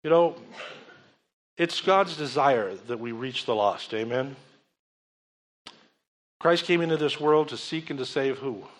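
A man's voice: medium pitch, expressive, a little slow, long pauses. A man preaching a sermon, telling stories in a conversational way and calling out to the congregation. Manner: conversational storytelling preaching with audience call-outs.

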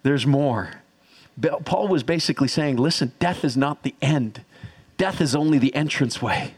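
A man preaching a sermon as pastor, energetic and teaching, calling on the congregation to repeat after him. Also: a little high, moderate pace, slightly rough. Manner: energetic, teaching, audience call-and-response.

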